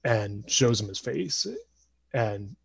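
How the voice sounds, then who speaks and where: A man in his twenties telling a family story casually on a podcast, animated and acting out voices. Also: on the low side, slow, creaky, husky, dry recording. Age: 20s.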